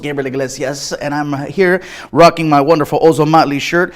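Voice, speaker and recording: A man hosting a comedy highlight show, introducing it loudly and energetically with many "uh" fillers. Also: steady tone, fairly quick. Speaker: host.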